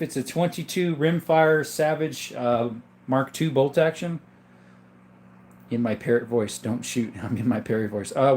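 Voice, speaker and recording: His voice is on the high side and a little mellow. Hosting a casual livestream to show off his gun collection, he rambles easily through chat names while sick, coughing occasionally.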